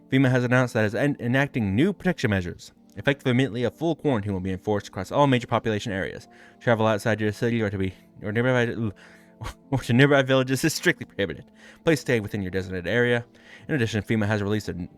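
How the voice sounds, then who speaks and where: A man's voice: medium pitch, close to an everyday voice. A man voicing a formal television news anchor in a game, with announcer delivery.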